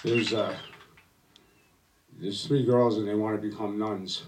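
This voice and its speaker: A male stand-up comedian tells jokes in a low voice, stumbling through fillers between punchlines. He sounds a bit distant from the microphone. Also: steady tone. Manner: halting, filler-heavy delivery. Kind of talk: stand-up joke telling. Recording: voice slightly distant from mic.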